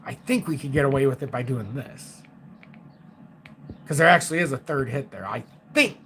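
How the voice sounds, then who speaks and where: A man in his forties hosting a casual crypto live stream, talking through charts in an excitable, emphatic way with fillers and the odd swear word. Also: mid-range voice, normal speed, a little hiss or hum. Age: 40s.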